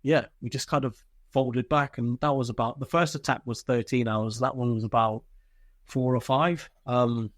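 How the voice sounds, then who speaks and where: A man from Britain, an army veteran, is a podcast guest telling war stories in a relaxed, candid interview full of swearing, fillers and restarts. His medium-pitched voice keeps a fairly even intonation at a moderate pace. The sound is clean studio audio without echo.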